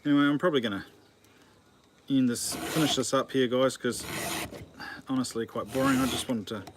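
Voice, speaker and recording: A man's voice: medium pitch, brisk. A man chatting jokingly to his channel while sharpening a chainsaw outdoors. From New Zealand. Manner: joking, self-mocking, easily distracted. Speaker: channel host. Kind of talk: casual chat while working. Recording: noisy outdoor recording with filing and birds.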